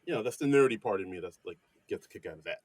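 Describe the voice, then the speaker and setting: A man's voice: on the low side, expressive, very fast, no room sound. A man co-hosting a casual chat podcast, recapping in a rambling way with many fillers. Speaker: podcast co-host.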